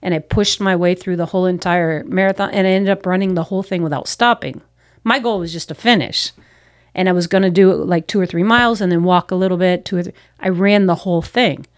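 A woman's voice: on the low side, a little fast, dry recording, clean studio sound. A missionary pastor, a woman, earnestly telling personal stories in an interview. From United States. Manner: earnest, reflective, acts out her own past self-talk.

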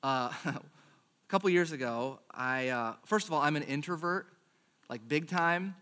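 Chatty pastor telling a funny story. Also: male voice, a little high, unhurried. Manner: self-deprecating storyteller, chatty and animated. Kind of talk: sermon with a personal story.

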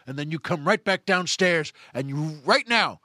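A man's voice: high voice, expressive, brisk, fairly bright tone, no room sound, clean studio sound. A man playing a bullying crime boss on the phone, who barks threats and orders. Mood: commanding. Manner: threatening, bullying, pushy commands.

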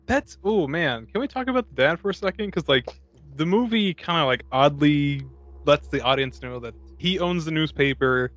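Profane, animated man recapping a movie. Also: fairly high pitch, moderate pace, no echo, dull audio. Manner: animated, profane, acts out quotes from the film. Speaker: podcast co-host. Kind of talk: casual movie-review chat.

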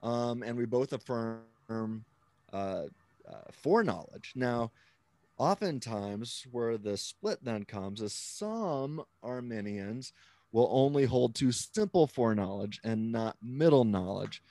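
Male interview guest, mid-pitched and dry close sound, patient explainer who keeps asking "right?". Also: expressive, slow, a little mellow, no room sound. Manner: explanatory, checks in with frequent "right?", steps through ideas with restarts. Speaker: Christian author and apologist, interview guest. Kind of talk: conversational interview, explaining theology.

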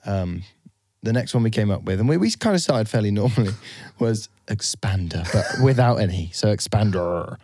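An English man co-hosting a loose, joking podcast. His pitch sits in the middle but moves around a lot, and he laughs easily and drops into put-on voices when quoting others. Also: lively intonation, moderate pace, a little mellow, no room sound, clean studio sound. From England. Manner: chatty, laughing, puts on silly voices for quotes. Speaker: podcast co-host. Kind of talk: casual chat.

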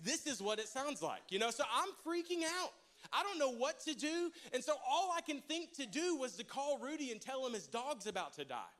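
High-pitched guy preaching in church, funny storytelling, keeps asking the crowd stuff. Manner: storytelling, animated, jokes with the congregation. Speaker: pastor.

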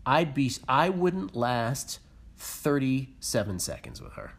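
Male podcast co-host, husky voice with a lively swinging pitch, blunt and opinionated, swears freely. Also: slow. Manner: opinionated, swears, mimics people. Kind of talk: casual reality-TV recap chat.

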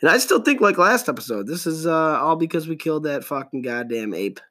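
An angry man rants on his podcast, cursing constantly. His pitch leaps high and drops low as he shifts between loud outbursts and low mutters, all in a casual, profane monologue. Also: sing-song, a little fast. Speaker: podcast host.

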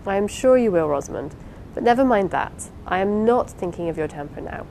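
A reserved young husband lectures in measured, formal phrases, gently reproving, as a woman reads his lines. The voice stays in an ordinary middle range. A faint low rumble sits under the audiobook recording. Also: animated, creaky, poor audio. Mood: tender. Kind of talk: audiobook character reading.

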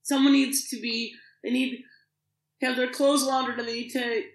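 A middle-aged woman, a podcast guest, telling an emotional personal story in an animated way, acting out the voices of others and often restarting her sentences. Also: on the high side, normal speed, echoey room, poor audio.

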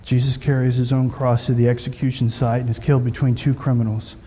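A man preaching a sermon in a church, retelling scripture in an animated storytelling manner and acting out the quoted speakers. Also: mid-range voice, quick pace, long reverb tail. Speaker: pastor.

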